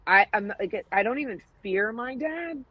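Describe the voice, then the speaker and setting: A woman's voice: on the high side, normal speed, dry recording. Woman podcast host telling a story, acts out all the voices, cusses a lot, dry muffled audio. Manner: animated storytelling, acts out quoted dialogue, swears freely. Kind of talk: candid casual chat.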